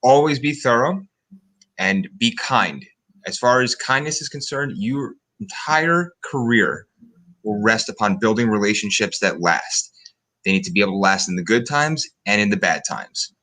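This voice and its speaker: Calm, measured advising man. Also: on the low side. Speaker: guest, broker instructor. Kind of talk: interview advice.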